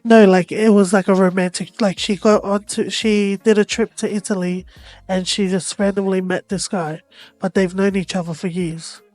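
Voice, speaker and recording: A woman's voice: mid-range voice, little pitch movement, moderate pace, darkish tone, no room sound, faint music behind. Chatty woman podcast co-host, dry sound. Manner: rambling, many "like" fillers. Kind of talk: casual chat.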